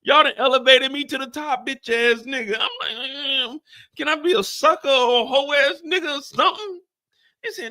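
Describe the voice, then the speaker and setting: This man streams a profane, easygoing chat for his audience, recapping a show through repetitive storytelling. He's comically exasperated and over the top yet sounds worn out, with an extremely high, bright, forceful voice at normal speed.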